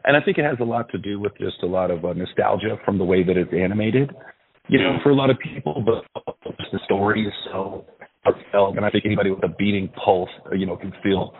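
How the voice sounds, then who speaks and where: Male interview guest, very low pitch, rambling with fillers, over a thin, tinny phone line. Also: quick pace, slight background noise. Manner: rambling, many fillers and restarts. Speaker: actor and producer, guest.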